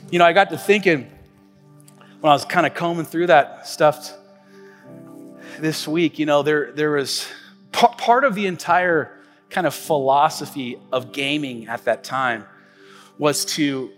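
A man in his forties, a pastor delivering a sermon in a relaxed storytelling way, full of fillers and restarts. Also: a little high, big-room sound. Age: 40s. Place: church stage.

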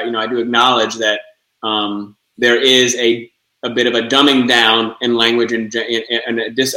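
A man talks as a guest in an interview, earnest and reflective, circling back over his words as he searches for the right idea. His voice is bright and a little forceful. The room around him rings with echo. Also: medium pitch. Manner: earnest, repeats words while searching for ideas. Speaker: interview guest, project co-founder. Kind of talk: reflective conversational interview talk.

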